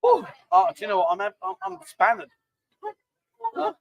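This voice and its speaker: A man's voice: very high-pitched, sing-song, a little slow, creaky, no room sound, highs cut off. A middle-aged man with a London accent hosting a live stream, chatty, jokey and rambling. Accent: London English. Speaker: livestream host. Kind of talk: casual chat.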